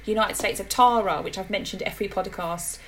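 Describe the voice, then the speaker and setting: A woman from Britain co-hosting a podcast in casual, animated chat. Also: mid-range voice, fairly quick, a little hiss or hum, rough recording. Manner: chatty, animated, laughs easily. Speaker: podcast co-host.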